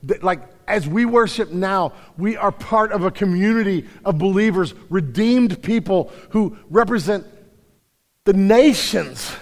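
A male pastor preaching a sermon, emphatic, swinging between loud declarations and quiet stretches. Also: high-pitched, moderate pace, few pauses, big-room sound. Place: church sanctuary.

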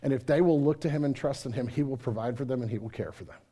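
Male pastor, sermon delivery, builds loud then drops quiet. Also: medium pitch, fast talker, husky. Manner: dynamic preaching, swings from loud to soft.

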